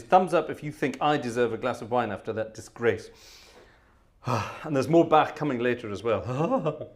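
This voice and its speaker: A man's voice: medium pitch, animated, normal speed. A man hosting a live organ music stream, chatting casually between pieces in a self-deprecating, flustered way, sighing and worn out. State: sweaty and exhausted. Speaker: organist and livestream host.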